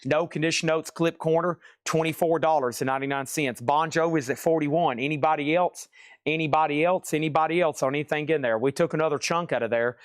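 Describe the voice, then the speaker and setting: Hosting a record sale streamed live online, this man fires off prices and titles at speed, his excitable sales patter punctuated by frequent exclamations. The voice sits on the high side, close-miked and dry with no echo or surrounding room.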